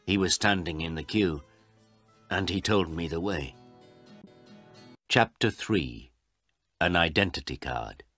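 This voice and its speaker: A man narrating a learner's storybook in a slow, clear, deliberate way. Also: deep voice, fairly bright tone, no echo, faint music behind.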